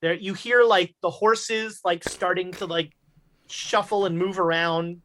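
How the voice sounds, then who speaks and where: A woman narrating a tabletop horror game as game master, halting with many fillers. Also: fairly low pitch, fairly even intonation, a bit bright, slight background noise.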